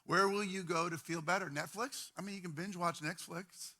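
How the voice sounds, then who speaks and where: A man preaching a sermon as pastor, talking in a conversational, animated way with repeated words. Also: sits high, normal speed, a little hiss or hum.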